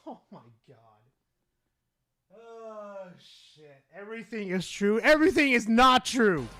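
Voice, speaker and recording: A young man streaming live, excitable and swearing, swinging from loud shouts to low mumbles. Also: no echo. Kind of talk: casual live-stream chat.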